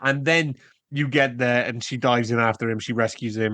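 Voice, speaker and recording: A man's voice: medium pitch, lively intonation, moderate pace, pushed and bright, no room sound. A man co-hosting a podcast, chatting casually about a film in an incredulous, sarcastic way, with some swearing. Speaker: podcast co-host. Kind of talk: casual film review chat.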